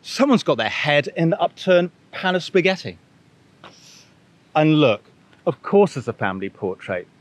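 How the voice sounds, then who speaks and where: A man's voice: on the high side, normal speed, long pauses, no room sound. A man reading a children's picture book aloud with enthusiastic commentary. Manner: lively, enthusiastic, expressive. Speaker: bookshop reader.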